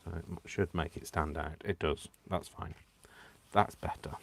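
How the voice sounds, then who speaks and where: A man with a low, deep voice hosts a live crafting stream from home. His talk is giddy and rambling, full of restarts and asides to viewers. He keeps laughing to himself and teasing himself. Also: steady tone, normal speed, vocal fry, a little hiss or hum. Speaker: crafting livestream host. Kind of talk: casual live crafting chat.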